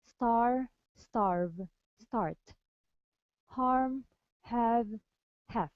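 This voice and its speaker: A woman's voice: on the high side, drawn-out words, smooth, dry recording. A woman student carefully reading practice words aloud in an online pronunciation class. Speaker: language student. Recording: dry, muffled video call audio.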